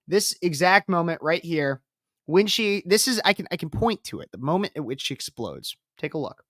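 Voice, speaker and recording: A woman's voice: fairly low pitch, sing-song, moderate pace, no room sound, studio quality. Emphatic woman political commentator. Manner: emphatic, repetitive, combative. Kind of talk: reaction commentary on a speech clip.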